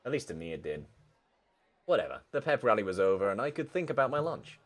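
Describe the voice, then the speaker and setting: A man's voice: on the low side, big pitch swings, fast. A young man reading a visual novel aloud and reacting casually, often swearing. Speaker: game streamer. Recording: faint game music underneath.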